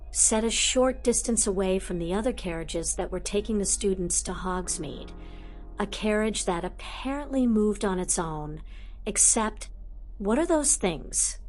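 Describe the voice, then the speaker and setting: Woman narrating a fan audiobook over soft music. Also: mid-range voice, animated, a little slow. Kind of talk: scripted narration.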